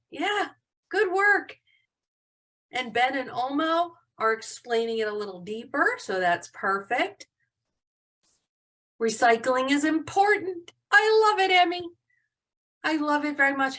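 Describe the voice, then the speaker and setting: A woman's voice: a little high, fairly bright tone. Upbeat, encouraging teacher woman. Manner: upbeat, encouraging, praising students. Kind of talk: live online class lesson. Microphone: video call.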